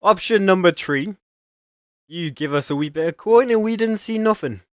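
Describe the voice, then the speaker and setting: A man voicing a gruff, bossy male city guard. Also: high voice, animated, normal speed, no echo, voice pushed up.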